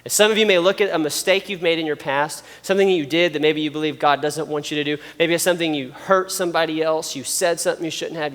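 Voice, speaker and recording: Man, fairly high voice, earnest conversational sermon, long church-hall reverb, guitar playing underneath. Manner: earnest, conversational preaching with rising emphasis. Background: soft guitar music.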